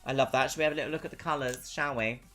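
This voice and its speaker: Talking very fast on a live stream, a young woman from London keeps things bubbly and chatty, laughing often in her London accent. Her voice rumbles low with fairly even intonation and a fairly bright tone, and faint music sits in the background.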